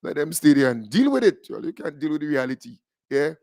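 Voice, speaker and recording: A Grenadian man hosting a radio program, chatting loosely and laughing often. His voice sits a little high and the sound is dry and close. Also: a little fast, no echo. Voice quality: animated, laughing, Caribbean creole phrasing. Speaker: radio show host. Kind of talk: casual radio talk with a caller.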